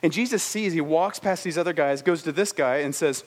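A man preaching a sermon, telling stories with animated delivery and acting out the characters' lines, then slowing to a soft, reflective tone for his main points. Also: a little high.

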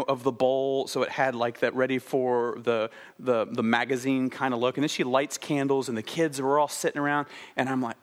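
A man in his thirties preaching a sermon, telling stories with playful inflection and dropping to a quiet, stressed delivery on key words. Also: mid-range voice. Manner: animated storytelling with playful inflection. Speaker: pastor.

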